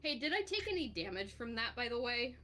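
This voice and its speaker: A woman's voice: fairly high pitch, big pitch swings, brisk, sharp tone. A woman playing in a tabletop game, giggly and flustered, asking lots of questions. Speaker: player.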